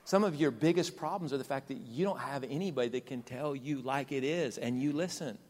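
A male pastor preaching a sermon, repeating phrases with emphasis and swinging between loud and soft. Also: mid-range voice, a little fast. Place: large church hall. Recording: long hall reverb with soft music behind.

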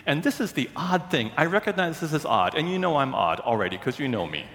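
A man preaching, telling a self-mocking story with animated, acted-out quotes. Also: fairly high pitch, brisk, long reverb tail. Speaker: pastor. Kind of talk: sermon storytelling.

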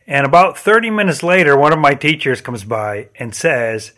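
This Michigan podcast host talks about faith and leadership, recounting personal stories earnestly and restarting a few times. He sounds a little high, bright, and forceful, speaking at normal speed with hardly any pauses.

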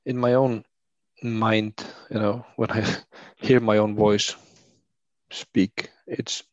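A man's voice: fairly low pitch, level tone, slow, no echo, muffled recording. A man from Iceland speaking English as a second language, with a thick Icelandic accent, reflecting thoughtfully and searching for words. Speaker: leadership coach. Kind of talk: reflective conversation.

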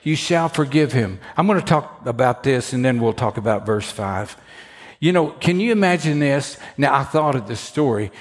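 A man preaching a sermon, telling a story with lively asides, acting out the voices of the people in it, and often repeating words as he starts a sentence. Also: medium pitch, moderate pace. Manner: animated storytelling, acts out quoted voices. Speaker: pastor.

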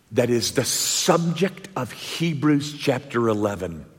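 A man preaching a sermon to his congregation, emphatic, with dramatic pauses and rhetorical questions. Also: mid-range voice, big pitch swings, husky. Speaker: pastor. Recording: long echoey church reverb.

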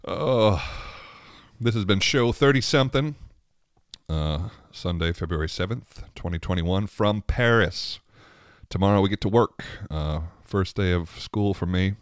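Very deep-voiced man musing aloud. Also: unhurried, clean tone, dry recording, studio quality. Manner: rambling, self-interrupting, laughs often. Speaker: podcast host. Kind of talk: casual solo monologue.

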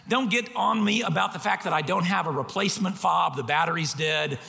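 A male pastor preaching, his fairly high voice gravelly with a hint of fry, bright and sharp at the edges. He tells his stories in an animated, self-mocking way. The sound rings out in the long reverb of a big hall. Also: brisk, few pauses. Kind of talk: sermon.

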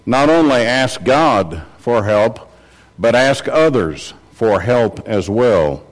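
A man preaching a sermon to a congregation, earnest, repeating points and rising in pitch to stress them. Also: rough recording.

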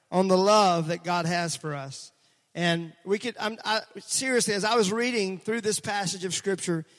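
A middle-aged man preaching a sermon in a church, speaking in an energetic, conversational way and calling on the congregation to respond. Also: sits high. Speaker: pastor. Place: church sanctuary. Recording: long hall reverb.

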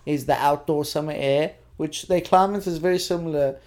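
A man's voice: fairly high pitch, brisk, a little mellow. A young man co-hosting a casual chat, rambling and saying "like" often. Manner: rambling, heavy use of "like". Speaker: podcast co-host.

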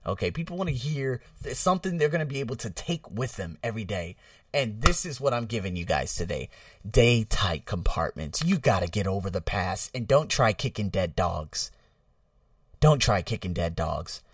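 A man talking straight to his viewers in a casual vlog monologue. His pitch jumps around a lot as he jokes and swears, with loud bursts and then quiet asides. The mic sits a little away from him in a dry, dead room. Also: moderate pace, no room sound, distant mic. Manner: animated and jokey, swings between loud bursts and low asides, swears casually. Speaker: vlogger.

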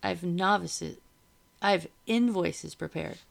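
A woman reading aloud, voicing a smooth, condescending male officer of the revolutionary army, with a low gravelly voice. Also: slow, exaggerated voice.

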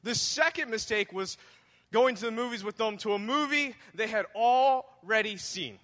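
Bright-voiced man preaching in a reverberant hall. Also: high-pitched, animated, moderate pace. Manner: conversational, humorous, addresses the congregation directly. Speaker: pastor. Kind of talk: sermon with personal storytelling.

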